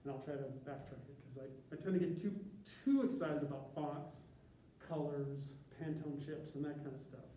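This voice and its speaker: A man's voice: a little high, normal speed, dark tone, a little hiss or hum. A man from Chicago, a university graphic artist, giving an informal, self-deprecating talk to a class. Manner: self-deprecating, joking, chatty with tangents. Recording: echoey room from a distance.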